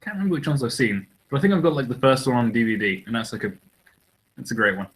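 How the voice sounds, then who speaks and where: A man's voice: mid-range voice, sing-song, fast, low-quality recording. Man, podcast co-host, casual chat, hesitant, rambling. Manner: rambling, hesitant, many restarts.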